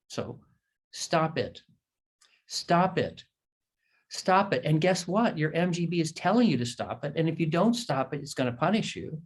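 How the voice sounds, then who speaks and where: A man who is a surgeon, explaining diet to patients in an educational talk over a shared screen, repeating his points emphatically and telling folksy stories. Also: medium pitch.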